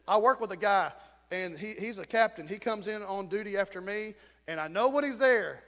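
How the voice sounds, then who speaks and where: High-voiced pastor, echoing sanctuary. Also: male voice. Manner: folksy, animated preaching with sudden shouts. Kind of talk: sermon. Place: church sanctuary. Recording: church sanctuary with long reverb.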